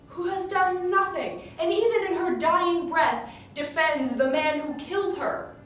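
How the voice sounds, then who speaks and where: A woman telling a story in character in a chatty, indignant way, full of fillers and restarts. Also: high-pitched. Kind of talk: in-character monologue retelling a tragedy. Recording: echoey room, distant mic, faint ambience.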